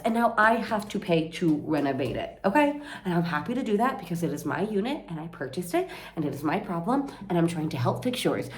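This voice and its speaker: Female vlogger, young adult, lower pitch; rambling, exasperated, profane venting. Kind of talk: casual venting vlog.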